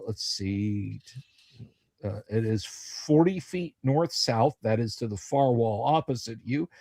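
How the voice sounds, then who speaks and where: A man runs a tabletop game on a livestream, laying out the scene slowly and with plenty of pauses and fillers. His voice sits mid-range and sounds close and dry, with no room around it. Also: medium pitch, no echo. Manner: halting, many ums, deliberate descriptions. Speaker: dungeon master.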